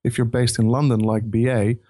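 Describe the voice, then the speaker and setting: A man on a podcast panel, explaining his points in a measured way during a casual discussion. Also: medium pitch, little pitch movement, warm tone, no room sound, clean studio sound.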